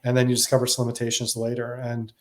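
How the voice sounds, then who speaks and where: Man, interview guest, brisk talker, reflective, filler-heavy casual chat. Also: medium pitch, monotone. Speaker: guest, software consultant.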